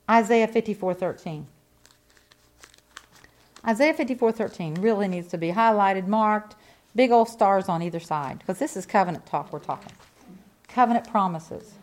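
This sermon comes from a middle-aged woman with an expressive, mid-range voice at normal speed. Full of fervent conviction, she shifts from quiet reflection into loud, emphatic bursts.

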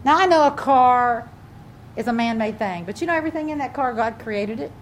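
A woman's voice: a little high, animated, a little fast, a little hiss or hum. An older woman, a grandmother, preaching a fervent sermon and telling a family story to her congregation. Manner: fervent, preaching with rising emphasis. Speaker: pastor.

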